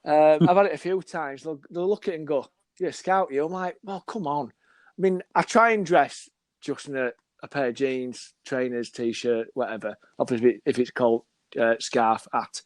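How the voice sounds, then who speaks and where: A man's voice: mid-range voice, moderate pace, no room sound. A man, chatting casually as a football scout and acting out little conversations as he tells stories. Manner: animated storyteller, acts out dialogue. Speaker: football scout, podcast guest. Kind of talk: casual chat.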